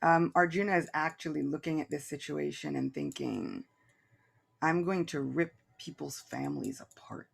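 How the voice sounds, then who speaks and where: A man with a gravelly, creaky edge, talking through scripture on a podcast. He muses aloud and keeps circling back with fillers and restarts. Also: fairly high pitch, moderate pace. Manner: thoughtful, rambling with many fillers and restarts. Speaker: co-host reading and explaining scripture. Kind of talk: casual podcast discussion.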